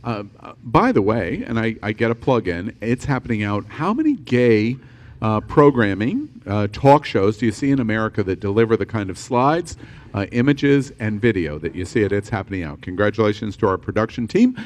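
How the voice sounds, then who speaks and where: A man hosting a live-streamed panel talk show, upbeat and quick to laugh, cutting in on his guests. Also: fairly low pitch. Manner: lively, laughing, interrupts guests.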